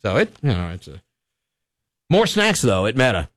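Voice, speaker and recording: A man's voice: mid-range voice, wildly swooping pitch, normal speed, fairly bright tone, dry recording. A man hosting a local radio talk show, rambling and wry as he comments on the news. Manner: rambling, wry, chuckling at his own jokes. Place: radio studio. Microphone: studio microphone.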